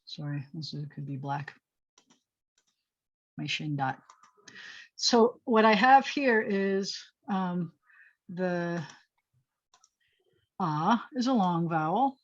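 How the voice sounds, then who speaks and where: A woman's voice: lowish voice, lively intonation, takes it slowly, pauses often. A woman rabbi teaching a Hebrew lesson over a video call, thinking aloud as she writes and correcting herself with chatty asides. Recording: slightly dull video call audio.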